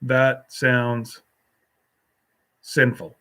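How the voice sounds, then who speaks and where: A man's voice: mid-range voice, monotone, very slow, bright, forceful tone. A man hosting a casual solo live stream, rambling as he reads and answers viewer comments with a folksy, teasing manner.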